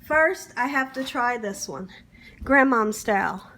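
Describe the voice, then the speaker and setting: A woman's voice: a little high, lively intonation, slow pace, pushed and bright, a little hiss or hum. A woman hosting a home cooking vlog in her kitchen, enthusiastic, often calling out to her viewers and humming as she tastes. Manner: enthusiastic, keeps saying "guys", hums while tasting. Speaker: home cooking channel host.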